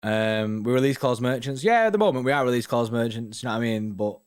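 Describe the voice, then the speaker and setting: A man's voice: medium pitch, animated, fast, clean tone. Chatty young man rambling. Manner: chatty, rambling, fills with "do you know what I mean". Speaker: host reading viewer comments. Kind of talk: casual live-stream chat.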